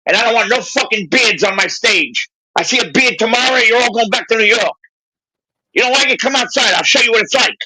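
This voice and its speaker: A man impersonating a furious old bandleader who yells bullying threats at his band. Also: very high-pitched, animated, fairly quick, husky, pitched above the performer's own voice, heavily acted, low-quality recording. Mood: threatening.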